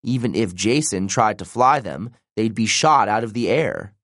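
A man narrating an audiobook in an expressive, dramatic reading style, recorded on a close studio mic. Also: fairly low pitch, moderate pace, no room sound. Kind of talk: scripted narration.

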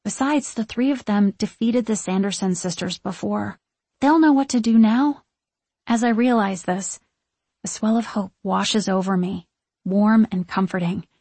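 Husky woman reading a story aloud. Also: medium pitch, steady tone, normal speed, darkish tone, dry recording. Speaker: audiobook narrator. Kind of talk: first-person audiobook narration.

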